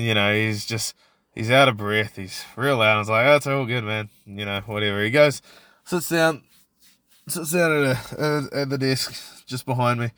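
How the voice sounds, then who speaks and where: A man's voice: medium pitch, fairly bright tone, dry recording. A man hosting a podcast, telling a work story in a rambling, profane way, with many restarts and fillers. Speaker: podcast host. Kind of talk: casual storytelling monologue.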